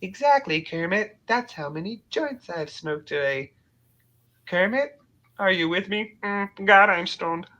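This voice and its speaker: A man voicing a stoned, chipper male frog puppet host in a thin, slowed, nasal voice. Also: high-pitched, sharp tone, lo-fi sound, voice pushed up.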